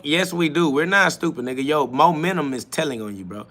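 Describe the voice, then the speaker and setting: A man's voice: fairly high pitch, fairly quick, bright, forceful tone. A man hosting a live-stream podcast, reading out chat comments and answering them in a confrontational, profane, mocking way. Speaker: livestream podcast host.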